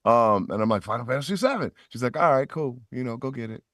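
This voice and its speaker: With a medium-pitched, slightly bright voice, a middle-aged voice actor tells stories quickly and with animation during a podcast interview. He acts out the voices in his quotes, and the recording is dry and studio quality.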